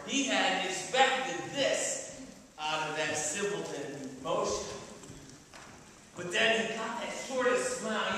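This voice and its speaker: A man telling a folktale to a live audience, playful and animated, often checking in with his listeners. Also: high-pitched. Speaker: storyteller. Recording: echoey hall, mic far off, background noise.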